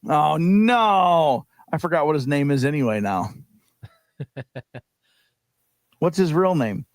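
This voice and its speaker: Animated man on sports radio. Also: a little high, takes it slowly, no room sound. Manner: animated, laughs easily, muses aloud while guessing. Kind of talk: casual sports radio banter.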